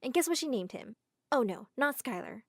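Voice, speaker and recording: A young woman giving dramatic storytelling narration, animated and quick to burst into excitement. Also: sits high, no room sound, studio quality.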